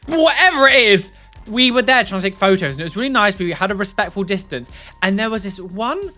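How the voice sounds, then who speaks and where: A woman's voice: medium pitch, animated, fairly quick, pushed and bright, faint music behind. A young woman giving rambling, chatty reaction commentary on video clips.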